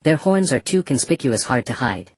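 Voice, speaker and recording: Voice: mid-range voice, very animated, moderate pace, slightly rough, no echo. Narrator doing a black-robed slave trader, cruel, mocking, offhand, dry close storybook read. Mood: cold mockery. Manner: casual, scornful, matter-of-fact.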